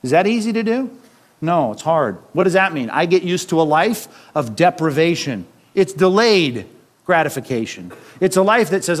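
A male pastor with a notably high-pitched voice delivers a sermon in a loose, conversational way. He keeps checking in with the congregation through quick rhetorical questions, with light chuckles along the way. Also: very animated.

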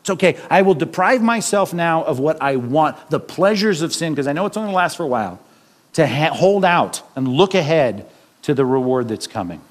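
A male pastor with a notably high-pitched voice delivers a sermon in a loose, conversational way. He keeps checking in with the congregation through quick rhetorical questions, with light chuckles along the way. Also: sing-song.

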